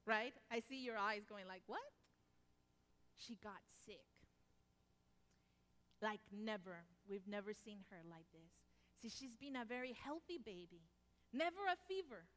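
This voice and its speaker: A woman preaching a sermon with personal stories, her delivery swinging from loud to hushed. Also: mid-range voice. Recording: long hall reverb.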